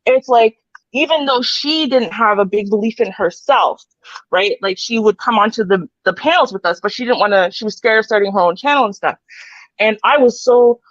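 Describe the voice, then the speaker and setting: Canadian woman cohosting a stream, giggly and chatty, higher voice, dull dry mic sound. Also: no room sound. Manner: bubbly, giggly, lots of "like". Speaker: co-host. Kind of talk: casual chat on a live stream.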